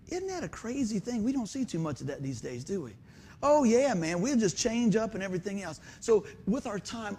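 A man preaching a sermon as pastor of a church, telling folksy stories with lively quoted voices. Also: high-pitched, a little hiss or hum. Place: church sanctuary.

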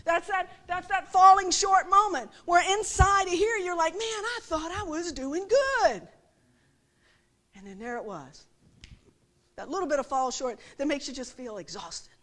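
High-voiced woman preaching conversationally. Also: normal speed, a bit bright. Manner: conversational, frequent rhetorical questions, acts out quotes. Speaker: speaker at a church service. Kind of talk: sermon.

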